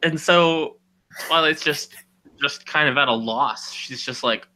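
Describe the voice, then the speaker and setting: Man, podcast co-host, very bright tone, rambling casual retelling, voices the characters. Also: on the high side, a little slow, a little hiss or hum. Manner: rambling, full of "you know" and "like", acts out characters' lines. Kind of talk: casual chat, retelling a story.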